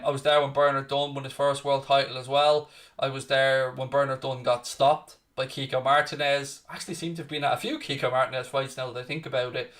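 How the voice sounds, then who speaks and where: A man's voice: fairly high pitch, fairly bright tone. An Irish man hosting a live football watchalong, chatting casually and answering viewer questions, calling people "mate". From Ireland. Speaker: watchalong host. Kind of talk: casual live-stream chat.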